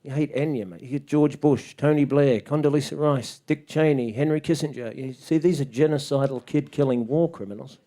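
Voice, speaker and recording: On a small club stage, a man performs stand-up, ranting and cursing in disbelief and leaping into loud, high-pitched shouts to imitate other people. He talks fairly fast with barely any pauses.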